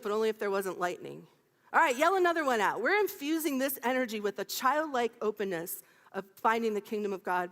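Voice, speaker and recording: Long reverb from a church sanctuary surrounds a high-pitched, slightly bright voice. It belongs to a minister in her fifties whose lively sermon is playful, full of laughter and chat with the congregation.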